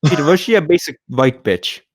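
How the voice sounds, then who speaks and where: A man's voice: a little high, animated, fairly quick, no echo, studio quality. A man co-hosting a podcast, teasing his friends bluntly in casual chat. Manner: teasing, blunt, plugs games between jokes. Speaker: podcast co-host.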